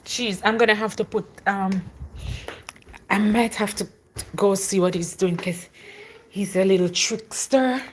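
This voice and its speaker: A young adult woman, chatting casually on a live stream and loudly urging her dog along between asides. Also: mid-range voice, steady tone, unhurried, pauses often, slight background noise.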